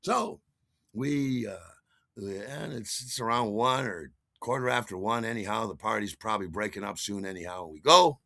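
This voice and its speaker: A man's voice: fairly low pitch, normal speed, vocal fry, sharp tone, no room sound. A man telling a comic, self-mocking personal story, acting out the scenes. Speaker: podcast host.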